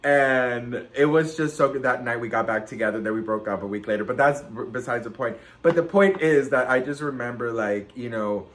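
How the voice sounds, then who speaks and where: Campy guy doing a storytime vlog, super dramatic, mid-pitched, calls everyone girl. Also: fairly quick, hardly any pauses, slight background noise. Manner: dramatic, animated storytelling with big swings in pitch and loudness; campy, sassy, says "girl" and "okay" a lot. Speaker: celebrity gossip vlogger. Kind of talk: casual storytime chat.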